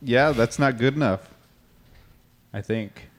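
A man's voice: medium pitch, slow. A young man in casual chat, chiming in with short agreements and asides.

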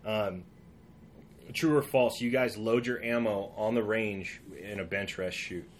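A man's voice: fairly low pitch, fairly even intonation, measured pace, slight background noise. A man from California hosting a podcast, chatting casually and telling stories. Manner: chatty, storytelling. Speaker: podcast host. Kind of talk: casual interview.

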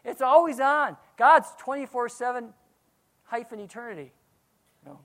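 A man, a pastor, preaching a sermon, swinging from quiet asides to loud outbursts. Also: very high voice, normal speed.

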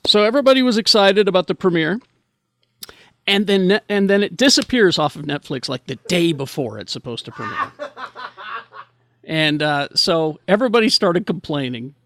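A slightly high-voiced American man with a gravelly edge talks through a casual podcast chat. He rambles and restarts his sentences often. The sound is close and dry. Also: fairly bright tone, no echo. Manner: rambling, hesitant with many restarts. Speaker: podcast host.

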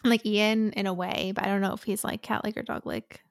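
A woman's voice: mid-range voice, steady tone, brisk, vocal fry, no room sound, clean studio sound. A woman co-hosting a casual book podcast, retelling scenes by quoting the characters, with many "like" fillers. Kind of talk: casual chat recapping a book.

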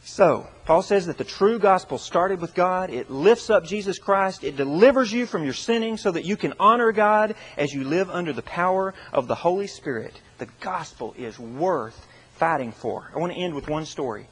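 Earnest preacher man, slightly high voice. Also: animated, moderate pace, slightly rough, low-quality recording. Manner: earnest, dramatic storytelling with sharp drops in volume. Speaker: pastor. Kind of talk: sermon.

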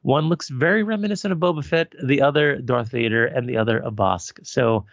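A man's voice: mid-range voice, a little fast, vocal fry, no echo, lo-fi sound. A middle-aged man co-hosting a casual fan podcast, rambling with fillers and restarts. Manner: rambling with fillers and repeated starts. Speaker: podcast co-host.

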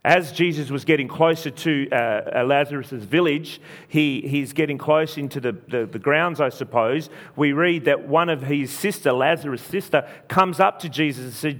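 An earnest male preacher retelling a story in a sermon, with a fairly high voice. He talks in short repeated phrases, often restarting mid-line as he drives the point home. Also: normal speed, hardly any pauses, a bit bright. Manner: earnest, repetitive, frequent restarts.

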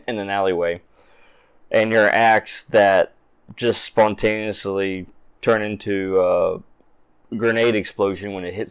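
A man narrating a tabletop game as game master, relaxed and quick to laugh. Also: fairly low pitch, smooth, low-quality recording.

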